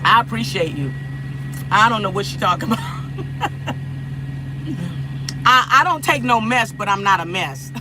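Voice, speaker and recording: A woman's voice: mid-range voice, animated, measured pace, long pauses, noisy background. A woman from Los Angeles chatting casually with viewers on a phone livestream, repeating herself and laughing often. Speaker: livestream host.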